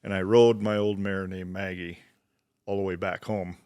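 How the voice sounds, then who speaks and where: A man hosting a casual interview, telling relaxed stories and slipping into quoted voices. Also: low voice, normal speed, clear, resonant tone, dry recording, studio quality. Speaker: podcast host. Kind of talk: casual interview chat, storytelling.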